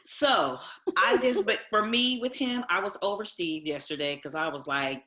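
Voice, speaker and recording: A woman's voice: medium pitch, normal speed, echoey room. A woman co-hosting a casual recap podcast, talking animatedly, acting out what she would say and laughing often. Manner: animated, acts out quotes, frequent laughter. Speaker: podcast co-host.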